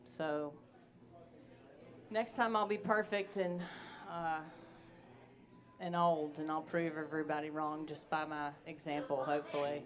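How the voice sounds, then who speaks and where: A woman's voice: low voice, steady tone, unhurried, long pauses. A woman singer-songwriter, talking candidly and bluntly between songs on a live stage. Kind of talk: between-song stage talk.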